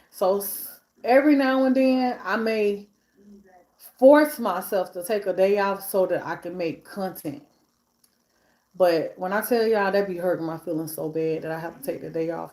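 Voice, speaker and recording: A woman's voice: mid-range voice, darkish tone. Woman, live-stream host, casual chat, eating while talking, emphatic repetition, echoey room. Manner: chatty and emphatic, stacks repeated phrases; talks between bites while eating. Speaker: vlogger hosting a live stream.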